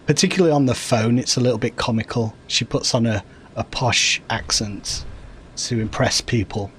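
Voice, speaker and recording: Wry northern English gamer. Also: male voice, mid-range voice, moderate pace, a bit bright, a little hiss or hum. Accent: Yorkshire-Lancashire northern English. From north of England. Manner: rambling, thinking aloud, wry and joking. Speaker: gaming streamer playing an online game. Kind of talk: casual gameplay commentary and chat.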